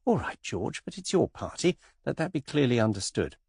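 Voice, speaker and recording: A man reading an audiobook, voicing a witty young English society woman in an airy, teasing, quietly amused manner. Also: medium pitch, sing-song, moderate pace, slightly rough, dry recording, clean studio sound, full character voice.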